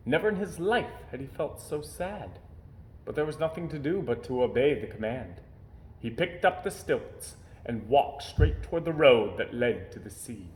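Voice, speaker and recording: A man reading a children's storybook aloud with expressive storytelling, at home. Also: medium pitch, echoey room, slight background noise. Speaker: storybook reader. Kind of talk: children's book read-aloud. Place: home during quarantine.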